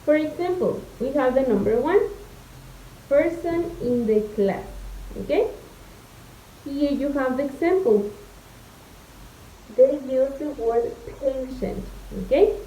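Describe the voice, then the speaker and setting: A young woman from Mexico teaches English in a slow, patient way, her clear as she spells out each step. Her voice sits a little high and rings in a roomy, echoey space. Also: animated, mellow, slight background noise. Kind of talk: recorded online lesson. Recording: echoey room.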